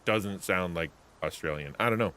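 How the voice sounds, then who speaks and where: A man livestreaming a game, chatting on and on as he plays. His talk rambles and keeps cutting back on itself, and his voice sits on the low side. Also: normal speed, sharp tone. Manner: rambling, chatty, self-interrupting. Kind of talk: casual gameplay commentary.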